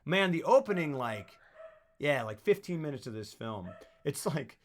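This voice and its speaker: A man co-hosting a film podcast, excitedly retelling scenes and acting them out with put-on voices and sound effects. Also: on the high side, moderate pace. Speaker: podcast co-host.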